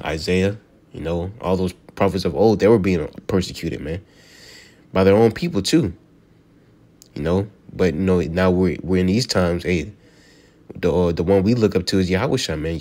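A man teaching from scripture in a loose, conversational way, reading verses slowly and then explaining them, with "man" and "you know" at the ends of his lines. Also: sits low, a little mellow. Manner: slows to read scripture aloud, then explains it. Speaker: preacher.

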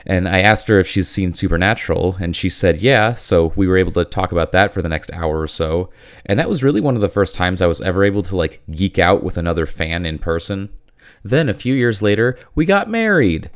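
A deep-voiced man in his thirties talking straight to his viewers in a loose, jokey vlog. His voice is rough and worn from being sick. He rambles a little and pokes fun at himself. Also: fairly quick. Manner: chatty, self-deprecating, jokey. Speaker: YouTube channel host. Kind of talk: casual talking-head vlog.

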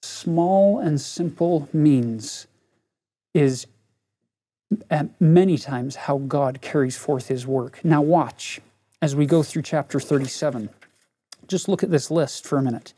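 A middle-aged man with a slightly high, warm, somewhat rough voice talks at a slow pace. As a religion teacher giving a scripture lesson, he earnestly recounts something from his own life and speaks directly to those listening.

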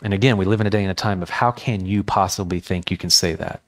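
A low-voiced, fast-talking pastor delivers a sermon in church, telling stories from his own life with earnest passion.

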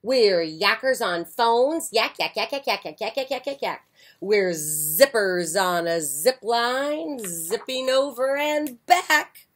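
A woman reading a children's picture book aloud with an expressive voice, breaking off for soft, chatty asides. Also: on the high side, takes it slowly. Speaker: children's story reader. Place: porch, outdoors.

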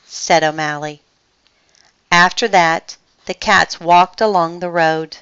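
A woman reading a children's picture book aloud with expressive storytelling. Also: lowish voice, measured pace, clear, resonant tone, dry recording, dull audio.

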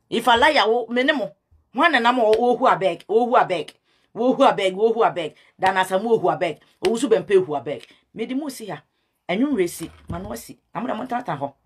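A woman's voice: a little high, slight background noise. A Ghanaian woman ranting to camera, scolding and repeating herself, switching between her language and English. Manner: scolding, repetitive, mixes in English. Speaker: self-styled prophetess. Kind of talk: heated rant to camera.

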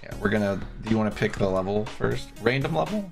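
Man on a casual live stream, lowish voice, offhand and blunt, explains game rules, faint music behind. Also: lively intonation, quick pace, gravelly. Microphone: desk mic on a streaming setup.

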